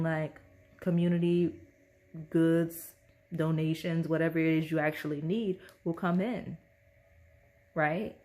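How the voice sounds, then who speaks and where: A woman's voice: fairly low pitch, a little mellow. A woman giving a casual pick-a-card tarot reading, speaking straight to the viewer and often checking in with "right?" and "okay?". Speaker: tarot reader.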